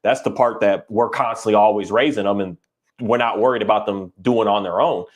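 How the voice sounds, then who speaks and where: A man in casual podcast conversation who talks earnestly and rambles, often acting out what owners and dogs would say in a higher voice. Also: brisk.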